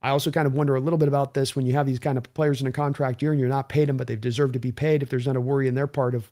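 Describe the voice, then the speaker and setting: A man's voice: medium pitch, flat delivery, rapid-fire, few pauses, dark tone. A man hosting a live stream, talking casually and rambling through game commentary while reading viewer donations. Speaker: livestream host.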